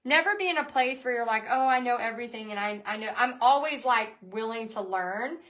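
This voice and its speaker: Woman, high voice, bright tone, bubbly, chatty, live painting lesson host. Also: a little fast. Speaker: paint party business coach and painting host.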